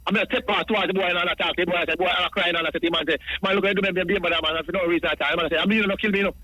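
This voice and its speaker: A Jamaican man on a call-in line speaks in patois at a racing clip, his high, bright, sharp voice holding a steady tone. He rambles and goes over the same ground repeatedly. The sound is dry, close and low quality.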